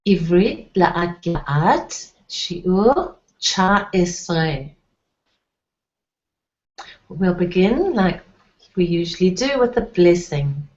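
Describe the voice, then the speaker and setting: Lady teaching hebrew real slow, lowish voice, dull lo-fi sound. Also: sing-song, a little mellow. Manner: patient, spells out letters and sounds, prays in Hebrew. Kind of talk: slow, deliberate Bible-language lesson.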